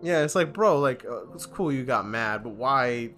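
A man's voice: mid-range voice, moderate pace, soft background music. A young man co-hosting a podcast in casual chat, rambling with lots of fillers and swearing, acting out little quoted exchanges. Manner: rambling, heavy filler and swearing, animated impressions. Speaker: podcast co-host.

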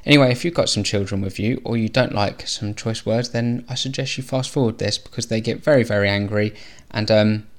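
Male editor, mid pitch, chatty self-deprecating announcement. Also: fairly bright tone. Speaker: podcast editor. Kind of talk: scripted announcement.

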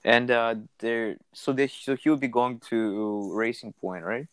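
A man's voice: mid-range voice, measured pace, smooth, dry recording. A young man from Canada, co-hosting a podcast and ranting loosely, swearing, with laughs between lines. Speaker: podcast co-host. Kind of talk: casual chat.

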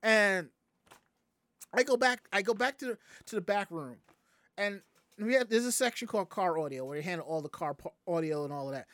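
Telling chat a story, a Southern US streamer gets casual, animated and profane, acting out everyone in it. The pitch is medium and the audio is studio quality, free of room sound.

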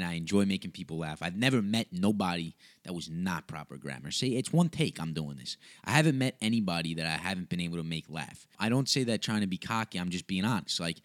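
Young comedian hosting a solo podcast; low voice, loose, profane, rambling delivery. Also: male voice, dry recording, clean studio sound. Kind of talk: casual solo podcast monologue. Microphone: USB microphone.

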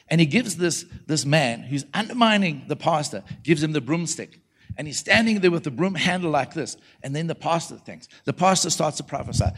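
A man's voice: a little high, brisk. A man preaching at a church conference in a conversational sermon style, telling stories animatedly and calling out to the congregation. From South Africa. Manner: animated storytelling, calls out to the congregation, voices quoted people.

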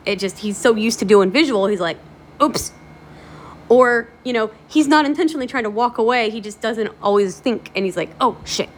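A woman's voice: on the high side, brisk, few pauses, a little hiss or hum. A woman hosting a motivational video series, talking casually to the camera in a chatty, encouraging way with lots of fillers. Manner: chatty, animated storytelling with many fillers.

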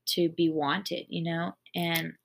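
A woman's voice: lowish voice, level tone, takes it slowly, gravelly, husky. A woman hosting a casual faith podcast, talking earnestly and rambling, with lots of "like". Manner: earnest, rambling, heavy use of "like". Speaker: podcast host.

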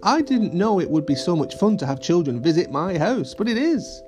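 A man's voice: sits high, sing-song, moderate pace, music in the background, voice pushed up. A man voicing a kind, welcoming female chickweed fairy. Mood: friendly. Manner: warm and welcoming.

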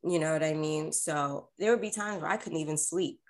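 A woman's voice: deep voice, brisk. A woman in casual chat, telling a story animatedly and acting out quoted voices.

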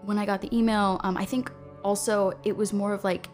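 A woman's voice: mid-range voice, little pitch movement, a little fast, darkish tone, soft background music. Chatty young woman guest, laughing easily. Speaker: podcast guest. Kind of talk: casual interview chat.

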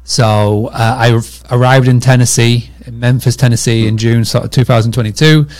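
Gravelly Northern English man chatting. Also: medium pitch, steady tone, moderate pace, a little mellow. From England. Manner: chatty, storytelling, frequent fillers. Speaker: guest. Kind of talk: casual interview chat.

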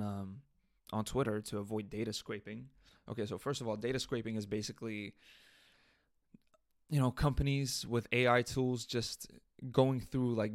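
A man hosts his own podcast, venting through a story with lively, frustrated energy and the odd curse. His voice sits in a middle range and comes through close and dry, with no room sound around it. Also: medium pitch, vocal fry, no room sound. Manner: animated storytelling, swearing and venting. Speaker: podcast host. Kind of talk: casual solo podcast rant. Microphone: USB interface podcast mic.

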